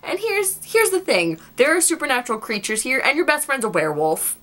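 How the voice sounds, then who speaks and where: A young woman gushing excitedly about a TV show in a casual vlog. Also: sits high, brisk. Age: young adult. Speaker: guest vlogger.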